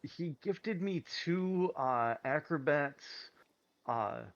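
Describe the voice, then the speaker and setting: A man's voice: fairly high pitch, animated, very slow, lo-fi sound. A man co-streaming a game, easygoing and explaining game mechanics over a call. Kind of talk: casual gaming chat over voice call.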